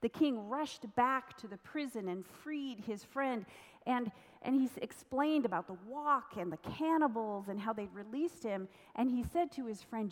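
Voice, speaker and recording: A woman from the United States preaching a sermon, telling a story in a slow, measured way. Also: a little high. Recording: long reverb of a large hall.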